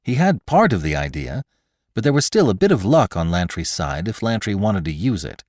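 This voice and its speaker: Deep male narrator, very lively delivery, dry close sound, dramatic storytelling. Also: normal speed, no room sound. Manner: expressive, dramatic. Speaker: podcast host and narrator.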